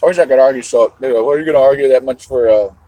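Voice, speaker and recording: Husky man rambling on a livestream. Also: mid-range voice, racing, warm tone, dry recording, poor audio. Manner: rambling, swears casually, talks to chat while eating. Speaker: livestream host. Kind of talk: rambling live chat.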